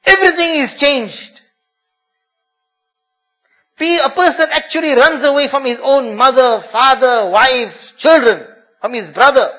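A man's voice: extremely high pitch, measured pace, long pauses, bright, forceful tone. A man preaching a sermon, telling a dramatic story and weaving Arabic phrases into English.

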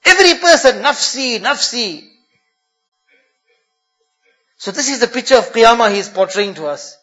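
Guy preaching, dramatic storytelling w arabic phrases mixed in, really high bright voice. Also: animated, brisk. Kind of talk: sermon storytelling.

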